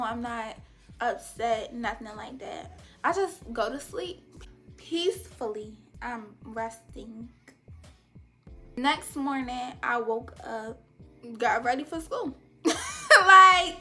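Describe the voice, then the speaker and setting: High bright young woman telling a story. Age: young adult. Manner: chatty, animated storytelling with quoted dialogue. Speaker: vlogger. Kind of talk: storytime vlog.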